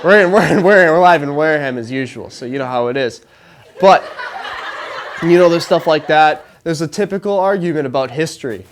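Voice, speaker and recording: A man's voice: a little high, lively intonation, fairly quick, a little hiss or hum. A young man in college, hosting a live show with a rambling, jokey monologue, laughing through his lines. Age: young adult. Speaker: host. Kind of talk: stand-up style monologue to a live audience. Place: live show before an audience.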